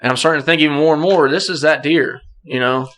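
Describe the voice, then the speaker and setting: A young man with a fairly high, bright voice tells a story casually on a podcast. He gets animated, laughs through it and clears his throat now and then. His speech carries a flavor. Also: fast talker. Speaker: podcast guest.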